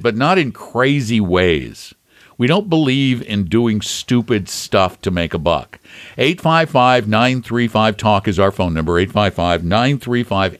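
A man's voice: medium pitch, a bit bright, no echo, studio quality. A man co-hosting a talk radio finance show, chatting casually and jokingly, often repeating words. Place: Florida.

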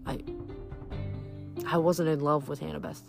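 A woman reading aloud, voicing a bitter, withdrawn teenage boy with a quiet, clipped, resentful delivery. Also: low voice, level tone, unhurried, vocal fry, faint music behind. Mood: raw.

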